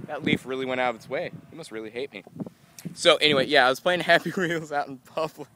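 A tired young man rambling goofily to a handheld camera outdoors in a casual vlog, breaking into excited yelps. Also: a little high, fast, a little hiss or hum. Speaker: vlogger.

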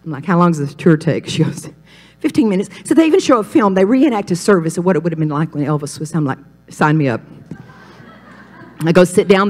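A woman from Mississippi, a pastor's wife telling her testimony on a talk show, animated and dropping to hushed whispers for emphasis. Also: fairly low pitch, fast. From Mississippi, USA.

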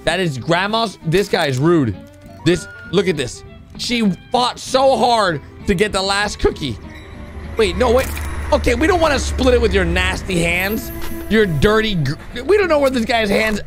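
Excitable high-voiced male reactor. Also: measured pace, faint music behind. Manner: excitable, shouts and gasps at surprises, talks to viewers. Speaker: reaction video host. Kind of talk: animated reaction commentary.

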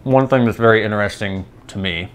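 A man with a General American accent, his voice sitting fairly low. He talks in a loose, rambling way, thinking aloud and explaining as he goes. It sounds like a relaxed solo vlog. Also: brisk, slight background noise. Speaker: vlogger. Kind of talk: casual rambling monologue.

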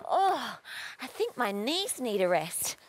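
A woman's voice: fairly high pitch, big pitch swings, slow pace. A young woman presenting a children's TV show, singing and playfully describing her actions in a sing-song way. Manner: playful, sing-song, acts out what she does. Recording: loud children's music backing.

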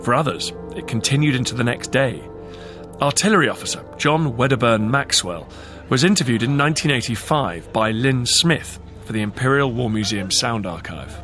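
Male narrator, crisp bright tone, measured script read, soft music under. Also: mid-range voice, expressive. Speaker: documentary narrator.

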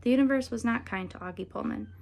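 A woman reading a novel aloud in a calm, measured way. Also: on the high side, creaky, poor audio. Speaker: audiobook reader.

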